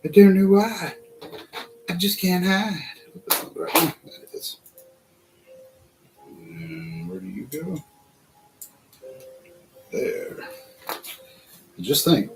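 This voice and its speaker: A man's voice: a little high, darkish tone, rough recording. A man hosting a casual build-along vlog, chatting to himself and laughing through his stories. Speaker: vlog host building a model kit.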